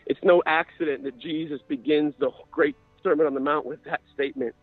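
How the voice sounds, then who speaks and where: A man's voice: fairly high pitch, steady tone, brisk, dry recording, faint music behind. A man preaching a sermon with passion, building to fervent cries. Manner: impassioned, rises to crying out. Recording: tinny radio broadcast.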